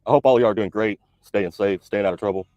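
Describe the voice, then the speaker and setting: A truck driver who makes YouTube videos delivers a blunt, confrontational rant at a rapid clip. His lowish, mid-range voice has a dark tone and sounds close and dry, with no room sound around it.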